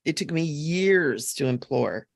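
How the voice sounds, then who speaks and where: Psychic medium co-host, woman, low voice with gravelly fry, animated delivery. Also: dry recording, studio quality. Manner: animated storytelling, quick asides. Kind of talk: casual spiritual chat.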